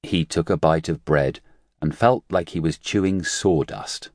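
A man reading an audiobook in a measured, even storytelling manner. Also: a bass voice, no room sound, studio quality. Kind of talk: audiobook narration.

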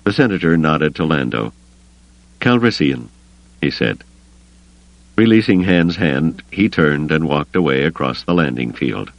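A man narrating a novel as an audiobook, with expressive storytelling. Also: extremely low pitch, normal speed, vocal fry, no echo, lo-fi sound. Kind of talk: scripted narration.

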